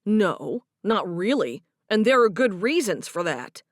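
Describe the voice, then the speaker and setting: A woman's voice: medium pitch, very animated, measured pace, no room sound, clean studio sound. A woman doing a wry young man.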